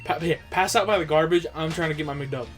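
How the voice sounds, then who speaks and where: A man's voice: on the high side, quick pace, faint music behind. A man co-hosting a podcast, chiming in with laid-back, dry quips. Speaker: podcast co-host. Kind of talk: casual chat.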